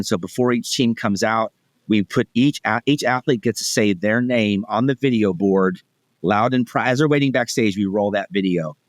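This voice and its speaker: A man in his forties talks as a podcast guest, upbeat and chatty, often restarting his sentences. His voice sits low. The sound is dry and close, with no room around it. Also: no echo. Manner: upbeat, talkative, frequent restarts. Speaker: podcast guest, event executive. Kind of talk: casual interview chat.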